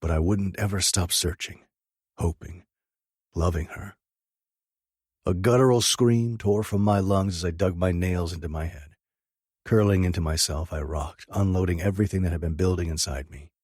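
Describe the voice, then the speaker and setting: Deep husky male audiobook narrator. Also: normal speed, darkish tone, dry recording, clean studio sound. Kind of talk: first-person audiobook narration.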